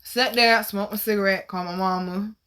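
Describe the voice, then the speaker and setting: Animated, bright-voiced woman storyteller. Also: medium pitch, a little fast, smooth. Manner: animated, profane, swings to loud exclaims. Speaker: host. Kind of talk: casual storytelling monologue.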